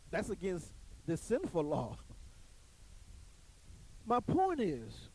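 A man who comments on church life tells a story to an audience, emphatic and preachy, often repeating his phrases. His voice sits high with a darkish tone, and the recording is rough.

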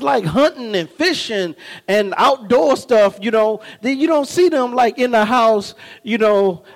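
A man preaching a sermon, animated and humorous, telling stories and often asking the congregation whether they follow him. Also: very high-pitched. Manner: humorous storytelling with laughs. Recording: long reverb of a large hall.

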